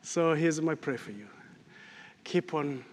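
Man giving a sermon, fairly high voice, big reverby church sound, gets loud then goes real quiet. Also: slow pace. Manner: animated storytelling, rising loud then dropping to near whisper. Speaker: preacher. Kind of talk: sermon with closing prayer.

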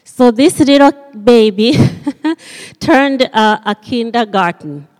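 Slow, hesitant woman in a reverberant hall. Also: a little high, darkish tone. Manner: hesitant, with many fillers. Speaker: church member telling a story to children. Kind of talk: children's talk in church.

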